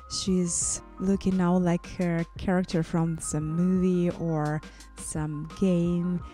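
A woman's voice: fairly low pitch, mellow. A woman who is a vocal coach and singer, giving gushing, effusive song reaction commentary.

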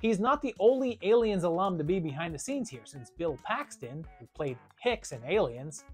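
A reviewer narrating a scripted video about horror films, with a brisk and wry delivery. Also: mid-range voice, very animated, a little mellow, faint music behind.

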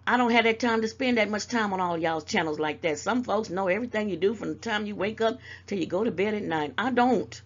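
Gravelly older woman giving motherly advice. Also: mid-range voice, muffled recording. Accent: Southern US. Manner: motherly scolding, calls people baby, drawn-out mm-mm. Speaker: YouTube commentator. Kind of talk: casual direct-to-camera advice.

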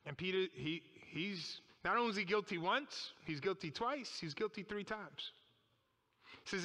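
Guy preaching in a big echoey church, bright voice, asks the crowd lots of questions. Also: sits high, animated, normal speed. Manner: emphatic, dramatic retelling with rhetorical questions. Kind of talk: sermon.

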